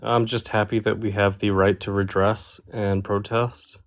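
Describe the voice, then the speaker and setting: A laid-back male caller on a live stream, talking loosely and quick to laugh. His voice sits a little low. He sounds easy and unhurried, like he is just dropping in to say hi. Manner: relaxed and chatty, laughs easily. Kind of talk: casual chat.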